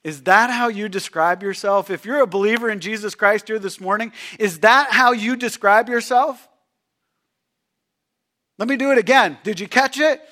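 A pastor preaching a sermon, swinging between loud emphatic lines and hushed near-whispers. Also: male voice, high-pitched, normal speed.

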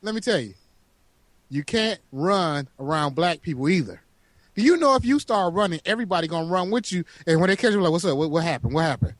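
A man's voice: high-pitched, expressive, a little fast, dry recording. A man co-hosting a podcast in casual, profane banter, laughing and teasing. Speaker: podcast co-host.

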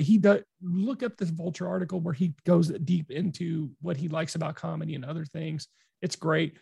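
Man, gravelly, somewhat high, podcast storyteller, dry sound. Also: dry recording. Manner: lively anecdote teller, laughs often. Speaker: podcast co-host. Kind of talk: casual chat, storytelling.

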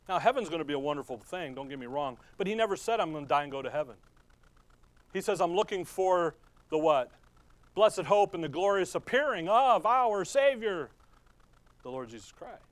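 A man delivers a sermon in a high, bright-edged voice, recorded dry and close. He talks to the congregation conversationally, then punches single words hard for emphasis and drifts into quick asides. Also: no room sound. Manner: conversational preaching with sudden loud emphasis and asides. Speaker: pastor.

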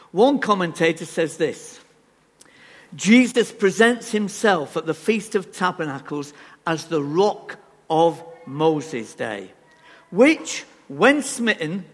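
A man preaching a sermon in a church, animated and emphatic, asking rhetorical questions. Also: a little high, husky. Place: church hall. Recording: reverberant church hall.

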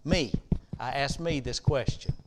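A middle-aged man preaching a sermon in a church, repeating a question like a refrain and building from quiet reflection to impassioned shouting. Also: medium pitch, unhurried, very noisy. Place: church sanctuary.

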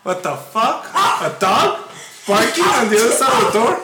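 A man hosting a comedy podcast, telling a crude story full of slang and swearing, in an echoey room with loud noise. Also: extremely high pitch, big pitch swings, normal speed. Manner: profane, slangy, laughing. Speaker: podcast host.

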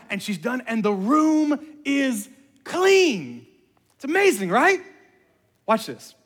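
Male pastor, 30s, high voice, animated sermon delivery that swells to near-shouting. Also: unhurried, breathy edge. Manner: animated storytelling, acts out voices, rising to shouts.

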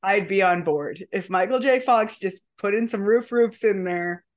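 A woman's voice: mid-range voice, moderate pace. A woman co-hosting a casual comedy podcast, chatting loosely with many fillers. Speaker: podcast co-host.

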